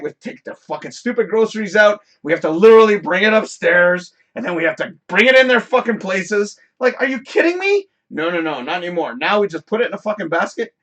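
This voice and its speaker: A man's voice: sits high, pushed and bright. A man hosting a live stream, telling a story in a casual, profane rant and laughing often. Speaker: host.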